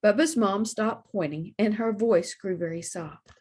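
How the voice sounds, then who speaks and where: A woman librarian reading a children's picture book aloud for storytime, slow and expressive. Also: medium pitch, husky.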